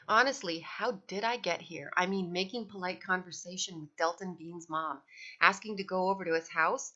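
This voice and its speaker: A woman reading a children's novel aloud, telling it lively in the first person. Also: lowish voice, normal speed. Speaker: audiobook reader. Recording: dull lo-fi recording.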